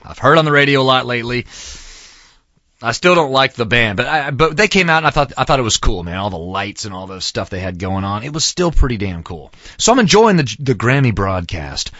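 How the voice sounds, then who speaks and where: A middle-aged man hosting a show, talking in a loose, excitable way and saying "man" and "dude" a lot. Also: medium pitch, dry recording. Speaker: show host. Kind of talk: casual monologue. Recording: dull dry lo-fi sound.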